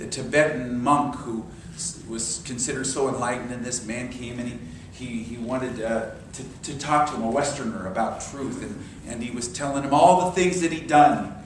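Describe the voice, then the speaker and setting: A man leading a sermon-style class in a church, telling stories with lively quoted voices. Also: mid-range voice, a little hiss or hum. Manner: animated storyteller, acts out quoted voices. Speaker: minister. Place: church hall. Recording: echoey hall from far off.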